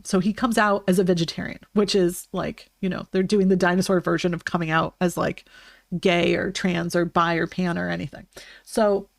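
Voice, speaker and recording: A woman's voice: on the low side, vocal fry, no echo, studio quality. A young woman streaming live, chatting casually and rambling with lots of fillers and restarts.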